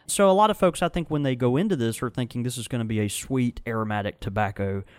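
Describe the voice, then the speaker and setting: A man hosting a casual chat, telling stories in a lively, rambling way with many restarts. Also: medium pitch, fast, smooth, no room sound. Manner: animated, storytelling with frequent restarts. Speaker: tobacco shop host. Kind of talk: casual conversational review.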